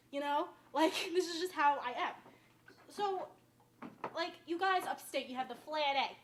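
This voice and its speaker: A woman's voice: high-pitched, moderate pace, a little hiss or hum. A young woman from Westchester with a downstate New York accent, hosting a casual home cooking video and rambling as she chats between steps. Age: young adult. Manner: chatty, rambling, says "like" often. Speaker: cooking show host.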